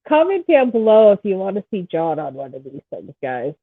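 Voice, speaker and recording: A woman's voice: mid-range voice, sing-song, a little fast, no echo. A woman hosting a podcast in casual chat, talking in a chatty, rambling, teasing way with a stuffed-up nose. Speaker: podcast host. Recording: tinny phone-like line.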